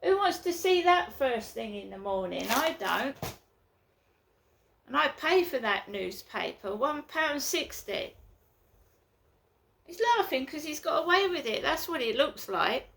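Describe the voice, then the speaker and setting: Agitated woman, solo vlog rant from home, higher voice with gravelly fry. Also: expressive, a little slow, pauses often, fairly bright tone. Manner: agitated, repetitive complaining. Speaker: vlogger. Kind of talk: casual ranting monologue. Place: her flat, indoors.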